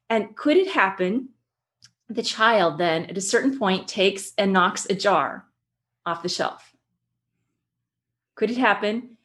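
A woman guest who works with children, explaining her work in an animated way and telling stories. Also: mid-range voice, slow pace, pauses often. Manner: animated storyteller, acts out quotes. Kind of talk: conversational explanation with anecdotes.

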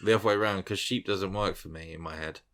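Low bright-voiced host. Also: male voice, quick pace. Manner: playful, steers the topics. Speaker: podcast host. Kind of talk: casual chat.

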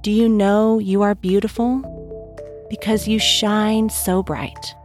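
A woman gently telling a guided story to young children and asking them questions as she goes. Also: medium pitch, steady tone, slow pace, soft background music. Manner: gentle, asks the listener questions.

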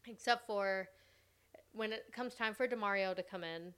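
A woman's voice: mid-range voice, normal speed, a bit bright, clean tone. A young woman hosting a podcast, chatting casually and gushing as she recaps a reality show, with "like" in nearly every sentence. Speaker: podcast host.

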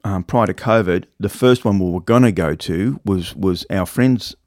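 A man's voice: sits low, moderate pace, darkish tone, dry recording, clean studio sound. A man, telling a travel story in casual chat as podcast co-host, rambling and acting out the voices of people he quotes.

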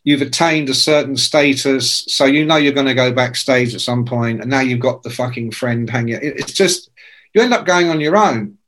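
A man in his sixties, medium-pitched and speaking at normal speed, is a guest telling casual, meandering anecdotes. He swears a lot and animatedly imitates the people in his stories.

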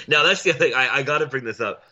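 A man co-hosting a podcast spins blunt, profane stories in casual chat, recreating his arguments by mimicking the other people in loud, high voices. The audio is dull and lo-fi.

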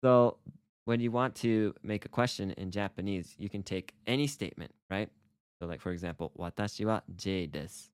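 Low-voiced man teaching casual Japanese. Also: moderate pace, smooth, no echo, studio quality. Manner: upbeat, playful explaining with acted example phrases. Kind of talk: casual language lesson podcast.

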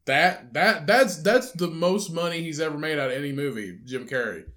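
A young man on a casual podcast, swapping crude jokes and insults with his co-host. His voice sits a bit higher than most men's, and he turns loud and profane when he teases. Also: animated, moderate pace.

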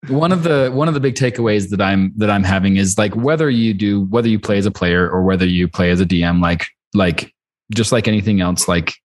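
A man's voice: on the low side, brisk. A man co-hosting a podcast, wrapping up earnestly and reflectively with lots of fillers. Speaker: podcast co-host. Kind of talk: casual chat.

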